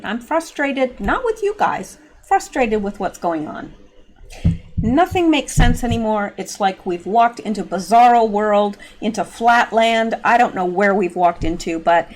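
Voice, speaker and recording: A woman hosting an opinionated political commentary vlog, talking in a sarcastic, mocking, exasperated way. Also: medium pitch. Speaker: political commentary channel host.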